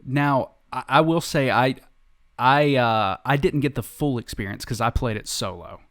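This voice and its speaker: Male podcast host, lively storyteller, mid-range voice, dry recording. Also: medium pitch, moderate pace, dry recording. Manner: animated storyteller, laughs often. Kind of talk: casual podcast chat.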